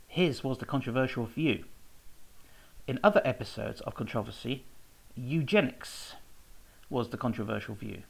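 A man talks casually and at length, wandering from one anecdote to the next. His voice has a gravelly, creaky edge at a middling pitch, and he pads his talk with fillers and restarts. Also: expressive, normal speed, long pauses, low-quality recording. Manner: rambling and anecdotal, with fillers and self-corrections. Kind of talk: casual spoken talk about research.

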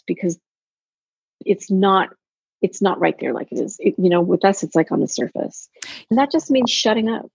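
A woman coaching in casual podcast chat, telling animated stories and acting out quotes. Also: fairly low pitch, gravelly, breathy edge, dry recording. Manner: animated storyteller, acts out quotes. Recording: dull, dry lo-fi sound.

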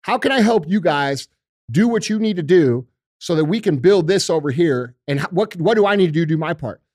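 A fiery, profane man holds forth on a podcast in casual slang, calling everyone bro and dude. His voice sits a bit high for a man and sounds close and dry, with no room around it. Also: expressive, a little fast, a little mellow, no room sound. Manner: calls people bro and dude. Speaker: podcast guest.

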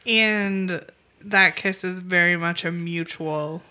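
A woman's voice: lowish voice, steady tone, slow pace, bright, forceful tone. A woman co-hosting a casual podcast, laughing often and hedging her points with "like" and "I feel like". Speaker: podcast co-host. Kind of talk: casual chat recapping a reality show.

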